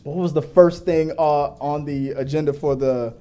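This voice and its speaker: Dark-voiced energetic male podcast host. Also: fairly high pitch, moderate pace. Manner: energetic, joking, rambling. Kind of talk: live-stream movie talk.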